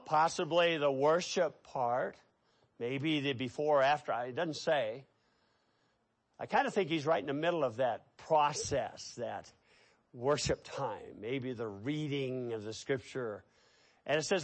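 A middle-aged man preaching a sermon, telling stories with lively, animated delivery. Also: sits high. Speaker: pastor.

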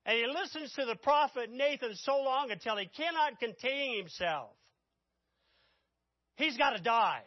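A man preaching a sermon, telling the story dramatically and swinging from loud outbursts to hushed asides. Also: very high-pitched, lively intonation, normal speed, hardly any pauses, no room sound, dull audio.

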